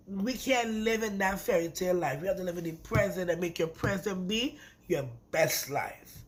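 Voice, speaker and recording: A woman talks through a reality TV episode in a loose, chatty recap. Her delivery is animated and emphatic, and she leans on repeated words to drive her points home. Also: lowish voice, moderate pace. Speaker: reality TV reviewer.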